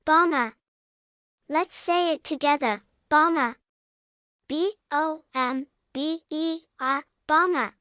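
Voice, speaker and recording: A woman narrating a scripted vocabulary lesson for young children, spelling words out slowly and adding playful sound words. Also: sits high, dry recording, studio quality. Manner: slow, even spelling-out with cheerful sound words. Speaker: vocabulary teacher.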